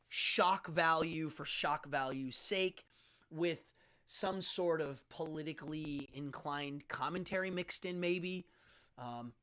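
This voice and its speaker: A man's voice: a little high, a bit bright. A middle-aged man who hosts a talk show and works as a stage magician, telling backstage stories in a blunt, frank way. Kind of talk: casual storytelling on a talk show.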